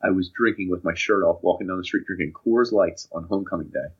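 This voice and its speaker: A young man telling casual anecdotes on a podcast, animated and acting out the voices of people in his stories. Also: sits low, quick pace, slightly rough. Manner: animated, acts out voices in anecdotes, laughs often. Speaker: podcast co-host. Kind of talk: casual storytelling chat. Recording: dull lo-fi podcast audio.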